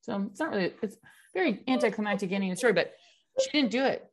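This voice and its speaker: A middle-aged woman chats casually, recounting a story from home. She acts out the voices in her quotes and her pitch sits in the middle. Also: lively intonation, quick pace. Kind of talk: casual chat.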